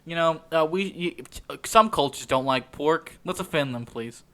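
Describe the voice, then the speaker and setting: A man's voice: fairly high pitch, lively intonation, normal speed, sharp tone, smooth. A young man co-hosting a podcast, chatting casually, rambling and laughing often. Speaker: podcast co-host. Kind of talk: casual chat.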